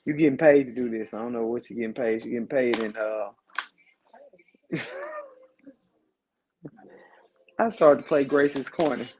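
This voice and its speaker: Tired from a long day, a man hosts a casual live podcast, joking around and drawing out his greetings. He speaks at a medium pitch with a darkish, slightly breathy voice.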